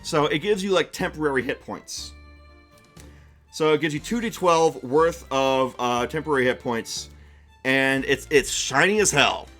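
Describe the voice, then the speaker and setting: Male streamer GM, loose chatty delivery, slightly high pitch, quiet music bed. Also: a little slow. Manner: casual, chatty narration with many fillers and restarts. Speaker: game master and streamer. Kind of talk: narrating a tabletop game on stream.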